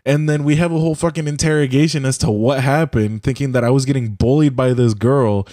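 Mellow-voiced young man telling a rambling story. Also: mid-range voice, fairly even intonation, a little fast, dry recording, clean studio sound. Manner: rambling, profane, heavy use of "like". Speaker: podcast co-host. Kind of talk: casual storytelling chat. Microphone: computer mic on a voice call.

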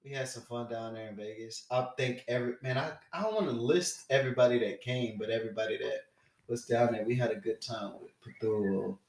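A young man co-hosts a podcast, chatting casually as he tells a story and loudly acting out the voices of the people in it. His mid-range voice moves fairly quickly and sounds animated, with a reverberant recording.

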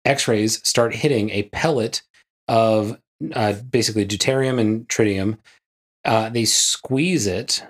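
A man's voice: lowish voice, takes it slowly. A man co-hosting a podcast, chatting casually with frequent "like" and "yeah" and jokey asides. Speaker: podcast co-host. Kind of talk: casual chat.

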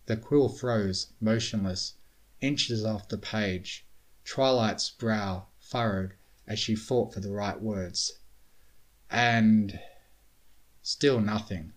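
A man reading a storybook tale aloud in a steady, measured way. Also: lowish voice, soft background music. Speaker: reader. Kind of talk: storybook narration of fan fiction.

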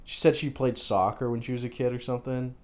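A man's voice: medium pitch, steady tone, fast talker. A man co-hosting a podcast, talking in blunt, rambling, crude banter. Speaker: podcast co-host.

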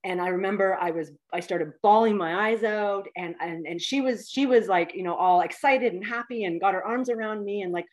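A woman in her fifties tells a personal story as an interview guest, heartfelt and animated. Her voice sits at a middle pitch, and she leans on fillers as she talks. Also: fairly quick, hardly any pauses. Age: 50s.

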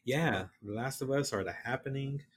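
A man's voice: mid-range voice, normal speed. A man co-hosting a casual podcast chat, laid-back and reacting with short interjections. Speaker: podcast co-host who runs games.

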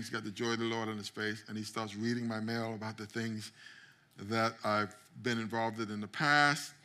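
Bright-voiced male pastor preaching. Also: fairly low pitch. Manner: storytelling, acts out quotes, builds to shouting climax. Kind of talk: sermon.

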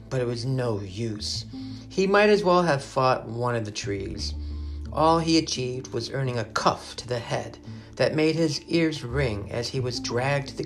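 A man reading a children's adventure chapter aloud, expressive and dramatic. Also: mid-range voice. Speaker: narrator. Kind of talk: storybook reading.

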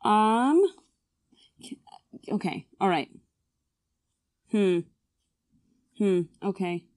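Young woman, excitable game contestant, dry close sound. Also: medium pitch, drawn-out words, dry recording. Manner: excitable, giggly, swears under breath. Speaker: quiz contestant. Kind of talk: casual chat.

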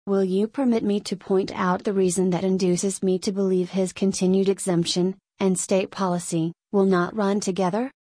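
A woman's voice: mid-range voice, level tone, normal speed, hardly any pauses, warm tone, dry recording, lightly acted. A woman voicing a crafty, fox-like former chancellor who speaks suavely and persuasively, in a storybook reading.

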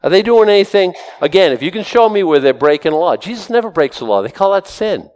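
Male pastor, sermon, lively storyteller, slightly higher voice, lots of pitch swing. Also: quick pace, smooth, long reverb tail, low-quality recording. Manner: animated storytelling with acted-out quotes.

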